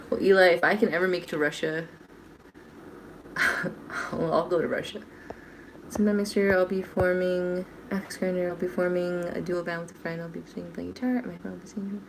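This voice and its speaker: A woman's voice: lowish voice, level tone, normal speed, vocal fry, noisy background. Chatty woman baking on a livestream. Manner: chatty, self-deprecating, reads viewer comments aloud. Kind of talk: casual livestream chat while baking. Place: home kitchen.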